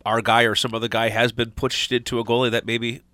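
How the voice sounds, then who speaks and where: Bright-voiced male host asking questions. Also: medium pitch, level tone, brisk, dry recording. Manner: hesitant, filler-heavy questions. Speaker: radio show host. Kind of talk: casual interview questions.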